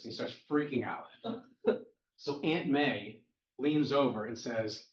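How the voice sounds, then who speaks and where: A man with a mid-range voice speaks slowly while hosting a podcast recap of a comic book, chatty and wry as he speeds through plot points. The mic is distant, roomy, and dull.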